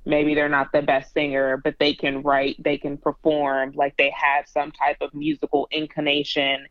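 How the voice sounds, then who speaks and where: A woman's voice: deep voice, dry recording. A woman talking bluntly and with energy in a casual podcast chat, laughing now and then as she tells stories. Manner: blunt, animated, laughs while telling stories. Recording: dry, dull lo-fi sound.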